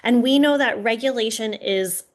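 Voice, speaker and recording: A woman presenting a webinar in a lively conversational way, talking straight to her listeners with frequent "right?" checks. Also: on the high side, normal speed. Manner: lively, addresses listeners directly with "right?" and "y'all". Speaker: webinar presenter on early childhood regulation.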